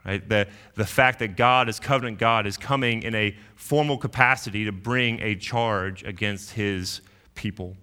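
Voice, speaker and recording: Bright-voiced man preaching a sermon. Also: on the low side, normal speed, clean tone. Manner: earnest teaching tone, repeats words while thinking, acts out quoted voices. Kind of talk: expository sermon.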